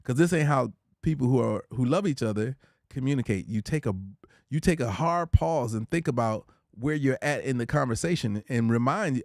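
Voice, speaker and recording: A man hosting a casual livestream, talking through relationship advice in an easygoing, preachy way and shouting out his chatters by name. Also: mid-range voice, animated, normal speed, gravelly, no room sound, clean studio sound. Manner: reads out viewer comments and shouts out chatters; laid-back, conversational, preachy about relationships. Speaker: livestream host.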